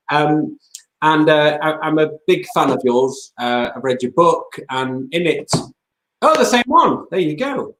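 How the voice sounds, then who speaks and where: A man's voice: fairly high pitch, animated, slow, fairly bright tone, a little hiss or hum. A man hosting an interview, speaking hesitantly with many fillers. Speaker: host. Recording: roomy echo.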